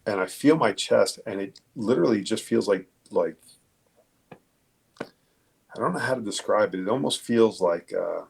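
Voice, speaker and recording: A police detective telling a personal story in a halting, candid way, swearing casually. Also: male voice, lowish voice, animated, gravelly, slightly rough. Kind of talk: conversational storytelling.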